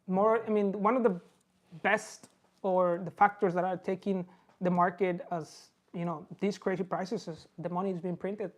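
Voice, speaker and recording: A woman with a Spanish accent, a native Spanish speaker, hosting a watch podcast and talking in a relaxed, rambling way, calling the listener bro. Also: fairly low pitch, moderate pace. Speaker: watch dealer and podcast host. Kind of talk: casual podcast chat.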